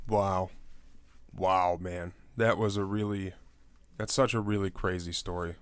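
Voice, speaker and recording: Young male podcast co-host, low voice, rambling casual banter, filler-heavy. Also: fairly even intonation, a little slow, clean tone, no room sound. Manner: loose and rambling, many fillers, breaks into high mocking voices. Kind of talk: casual true-crime podcast chat.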